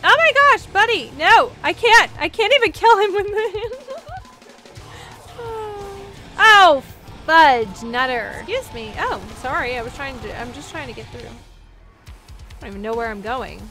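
A young woman commenting on her own gameplay, giggling, squealing and reacting excitedly. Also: high-pitched, a little slow, long pauses, faint music behind. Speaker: gameplay video host.

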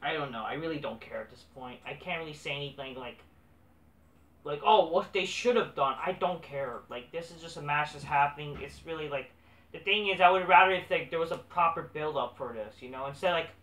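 A man's voice: fairly high pitch, brisk, a bit bright, recorded from a distance. A man recapping a wrestling show in a casual, profane, dismissive way, swearing constantly. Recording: echoey room, off-mic.

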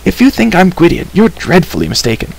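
A man's voice: medium pitch, lively intonation, brisk, vocal fry, low-quality recording. A man voicing a chatty wandering bard who talks in a flowery, apologetic way, in a storybook reading. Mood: flustered. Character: chatty wandering male bard, flustered and wordy.

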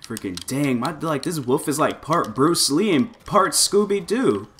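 A man giving loose, excitable commentary over his fighting-game play, full of exclamations and filler words. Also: on the high side, measured pace, slight background noise. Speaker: gameplay commentator. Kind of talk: casual gameplay commentary.

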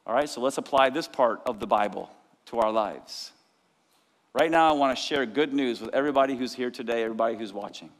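Energetic preacher in an echoing hall. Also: male voice, mid-range voice, fairly quick. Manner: energetic preaching, acts out disciples' cries. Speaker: pastor. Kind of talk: sermon. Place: church sanctuary. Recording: long church hall reverb.

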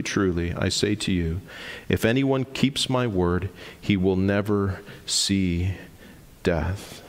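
A male pastor preaching a sermon in an earnest, emphatic way, reading scripture aloud. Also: medium pitch. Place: church sanctuary. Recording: long hall reverb.

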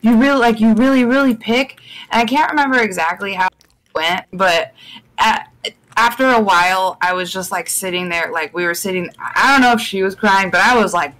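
A woman's voice: medium pitch, moderate pace, bright, forceful tone, poor audio. Rambling young woman on a live stream. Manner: chatty, rambling with many fillers and restarts. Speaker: guest. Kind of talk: casual chat on a live stream podcast.

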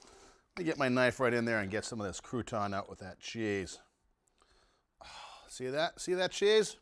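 A man's voice: mid-range voice, moderate pace, fairly bright tone. A middle-aged man hosting a home cooking show, demonstrating recipes in his kitchen and relishing every bite with lots of mm and wow. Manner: enthusiastic, savoring food aloud with lots of mm and wow.

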